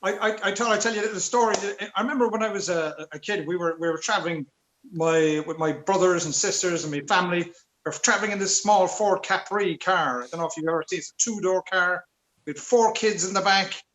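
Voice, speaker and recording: Bright, high Irish man telling a yarn. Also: brisk, rough recording. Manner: stammering restarts, chuckles through the telling. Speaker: stand-up comedian. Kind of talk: rambling anecdotal stand-up. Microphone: video call.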